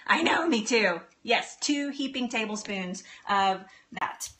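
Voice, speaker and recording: A woman's voice: fairly high pitch, lively intonation, takes it slowly, sharp tone. A woman in her thirties hosting a live cooking stream from her home kitchen, chatting with viewers and laughing often. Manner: chatty, giggly, answers viewer comments. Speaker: cooking show host.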